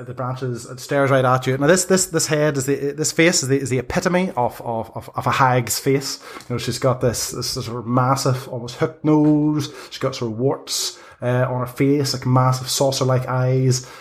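A man narrating as game master for a tabletop game, halting and full of fillers. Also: mid-range voice.

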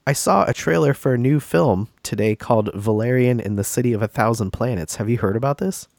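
A man's voice: mid-range voice, a little fast, gravelly, darkish tone, dry recording, clean studio sound. A man hosting a casual gaming podcast, stuffy and congested from a cold, rambling with many fillers and restarts. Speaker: podcast host.

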